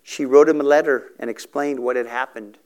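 A man's voice: mid-range voice, steady tone, fairly quick, a little mellow, clear, resonant tone. A middle-aged man telling a story in a sermon for a recovery ministry, earnest and emotional, acting out the dialogue.

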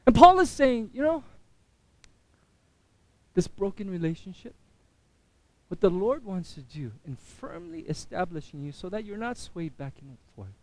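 A man's voice: high voice, lively intonation, measured pace, long pauses, darkish tone, no room sound. A man in his thirties preaching a sermon as pastor, conversational and self-mocking with humor.

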